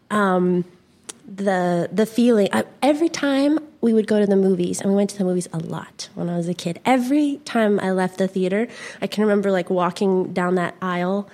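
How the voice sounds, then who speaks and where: A woman's voice: medium pitch, moderate pace, a little mellow. Giggly rambling young woman. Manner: giggly, rambling, full of fillers. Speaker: guest. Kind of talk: casual conversation.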